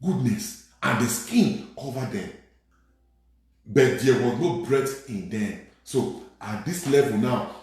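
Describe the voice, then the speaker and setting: A man preaching a sermon as a priest, repeating phrases and building to sudden shouted emphasis. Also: mid-range voice. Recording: very echoey room with faint music.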